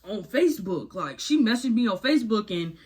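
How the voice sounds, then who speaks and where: A woman voicing her boyfriend, a grown man, in a deliberately dumb, whining voice that repeats itself agitatedly. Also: medium pitch, very animated, a little mellow, breathy edge. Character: whiny, defensive boyfriend, an adult man.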